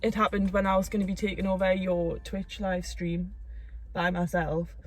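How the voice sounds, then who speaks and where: A young woman, telling a story in a casual chat, animated and quick to laugh. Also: fairly low pitch. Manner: animated, laughing, acts out quotes. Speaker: co-host of a couple's channel.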